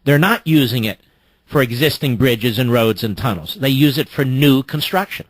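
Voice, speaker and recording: Male radio host, forceful opinions, dry studio sound, mid-pitched voice. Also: dry recording. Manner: emphatic, opinionated, quick rapport with callers. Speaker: radio talk show host. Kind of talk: talk radio with callers.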